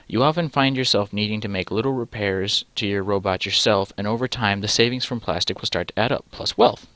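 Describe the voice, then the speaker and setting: Low-voiced sarcastic gamer reading aloud. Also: male voice, a little fast, a bit bright, no room sound. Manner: dry, sarcastic asides. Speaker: let's play gamer. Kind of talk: reading and commenting on a text game.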